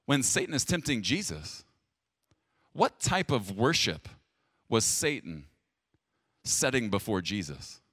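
Speaking slowly with long pauses, a male pastor delivers a sermon straight to his audience in a slightly rough voice. His delivery is plain, direct and emphatic, jumping to loud stresses and then sinking into quiet, low passages. The sound is close and dry, with no room around it.

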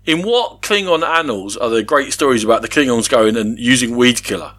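A man's voice: mid-range voice, lively intonation, brisk, fairly bright tone. A British man co-hosting a podcast, bantering and teasing his co-host in casual chat about board games.

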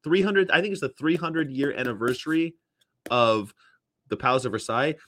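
A man's voice: medium pitch, normal speed. A man hosting a casual chat show, rambling and swearing freely. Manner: rambling, profane, animated. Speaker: podcast host.

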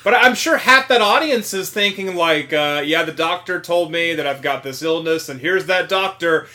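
A man's voice: fairly high pitch, normal speed, pushed and bright. A man co-hosting a casual podcast, talking animatedly, swearing and acting out quotes. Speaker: podcast co-host.

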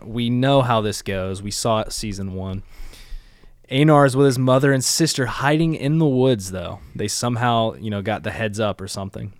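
A man's voice: on the low side, normal speed, clear, resonant tone, no room sound. A man co-hosting a podcast, recapping an episode in a laid-back, insistent casual chat. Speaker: podcast co-host.

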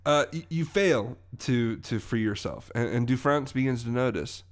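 A man runs a tabletop game as game master, narrating in a casual, loose way with small restarts. His voice sits at an ordinary middle pitch. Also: lively intonation, moderate pace.

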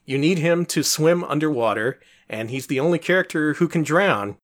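A man's voice: a little high, lively intonation, moderate pace. A man co-hosting a casual podcast about retro games, explaining things in a wry, chatty way and laughing often. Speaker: podcast co-host.

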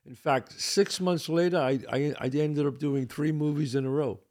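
A man's voice: fairly high pitch, fairly even intonation, moderate pace, a little mellow. An older man hosting a podcast, talking casually and earnestly, repeating his points with blunt emphasis and a little swearing. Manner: blunt, mildly profane. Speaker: podcast host. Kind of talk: casual monologue.

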